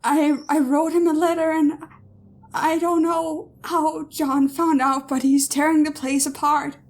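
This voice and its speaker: A woman's voice: sits high, little pitch movement, drawn-out words, bright, forceful tone, full character voice. A woman voicing a terrified young woman who cries, stammers and pleads. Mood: frantic pleading. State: crying.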